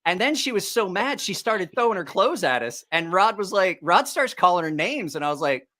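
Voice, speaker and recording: Middle-aged man, livestream host, profane rambling storyteller, animated pitch, bright tone. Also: fairly quick. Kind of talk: casual storytelling on a live stream.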